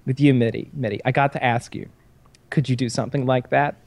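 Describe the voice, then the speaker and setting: A man's voice: medium pitch, steady tone, brisk, darkish tone, dry recording, natural voice. A man voicing a flirtatious, lisping male car buyer who is sugary and pushy. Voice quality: lispy. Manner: sugary, overeager, insistent.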